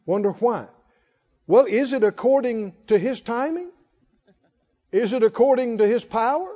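A man's voice: very high voice, moderate pace, mellow. A man preaching a sermon in a folksy way, calling out to the congregation. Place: church hall. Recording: muffled hall reverb.

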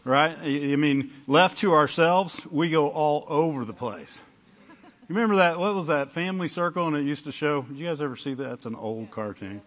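A male pastor with a fairly high voice delivers a chatty sermon. He checks in with his listeners again and again. The recording sounds dull and lo-fi. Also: normal speed, fairly bright tone. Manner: conversational preaching, frequent "amen?" and "right?" to the congregation.

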